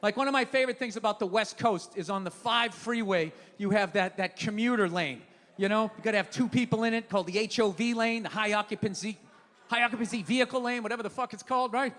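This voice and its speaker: A male stand-up comedian ranting profanely in a live set, swinging from mumbled asides to shouting. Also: high voice, quick pace. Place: theater stage before a live audience. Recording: live hall with crowd noise. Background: crowd laughing and applauding.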